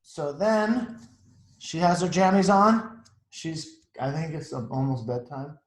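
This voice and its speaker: A man's voice: a little high, takes it slowly, reverberant, low-quality recording. A man reading a picture book aloud to children, chatting about the pictures as he goes. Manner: chatty, adds asides to the pictures. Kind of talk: storytime read-aloud.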